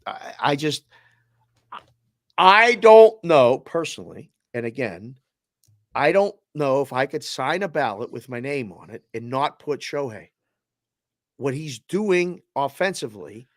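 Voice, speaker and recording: A man's voice: medium pitch, big pitch swings, unhurried, dry recording, studio quality. A man co-hosting a sports betting show, a former bookmaker, talking in a rambling way with stammered restarts. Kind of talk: casual sports debate.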